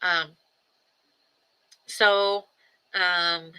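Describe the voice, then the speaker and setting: A woman who is a grandmother, hosting a personal livestream and talking reflectively, with frequent ums, pauses and repeated phrases. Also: lowish voice, level tone, pushed and bright, clean tone, poor audio. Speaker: livestream host. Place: home livestream.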